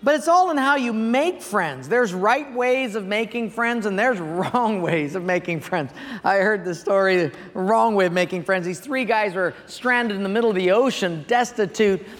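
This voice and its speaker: A man's voice: high voice, normal speed, a bit bright, big-room sound. A male pastor preaching a sermon, telling stories and asking the audience questions. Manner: storytelling, asks the audience questions.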